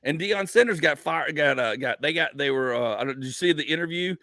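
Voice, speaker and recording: Male comedian host, animated storyteller, rambly, restarts a lot, dry close mic. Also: a little high, a little fast, creaky, no room sound. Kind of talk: casual podcast chat.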